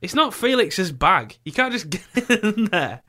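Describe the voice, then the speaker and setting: A man's voice: high voice, sing-song, bright, forceful tone. A man chatting casually with friends as a panelist, joking and laughing often. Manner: jokey, laughs often, quick asides. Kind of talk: casual chat.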